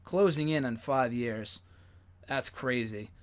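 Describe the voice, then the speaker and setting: A young man hosting a live stream, chatting casually and rambling, with plenty of fillers and excited swearing. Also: medium pitch, takes it slowly. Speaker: host.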